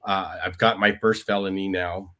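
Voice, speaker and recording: A man appears as a podcast guest, telling his life story conversationally, quoting other people and often tagging lines with "right?". His voice is low, level and pushed yet bright, at a moderate pace, with slight background noise in this storytelling interview.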